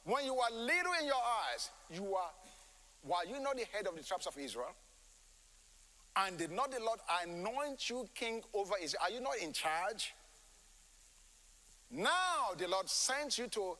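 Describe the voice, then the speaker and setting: A man's voice: high-pitched, pushed and bright, in a large hall. A man voicing a stern old male prophet who sharply rebukes a king.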